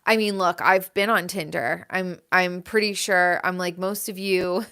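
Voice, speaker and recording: A woman's voice: lowish voice, steady tone, a little slow, a bit bright, clean tone. A woman hosting her own live show, talking in a rambling, emphatic way full of "like". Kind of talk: casual livestream monologue.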